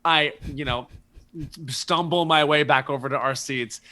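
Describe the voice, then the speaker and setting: A man who is a guest on a podcast, telling stories in casual chat with animated asides. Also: on the high side. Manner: animated storyteller, quick asides.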